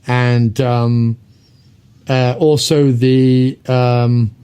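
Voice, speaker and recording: A man hosting a podcast, reviewing an old movie in casual chat, rambling with lots of ums and quick laughs. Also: medium pitch, little pitch movement, mellow, smooth. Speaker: podcast host.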